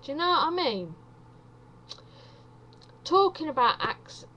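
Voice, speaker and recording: A woman's voice: high-pitched, very animated, slow pace, pushed and bright, highs cut off, slight background noise. A woman from England doing a rambling, self-deprecating stand-up monologue full of wandering asides.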